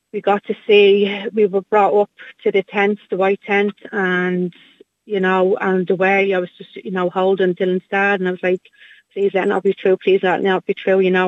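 A woman's voice: mid-range voice, dry recording. Irish woman on a dull phone line. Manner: halting, repeats herself, many fillers. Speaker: guest, bereaved mother. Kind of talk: phone interview, emotional recounting.

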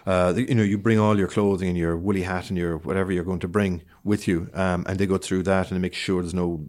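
A man with a low voice and a light lilt tells a travel story in relaxed conversation. He talks with lots of fillers, false starts and growing enthusiasm. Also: fast. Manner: animated storyteller with many fillers and restarts. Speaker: guest. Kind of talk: casual chat.

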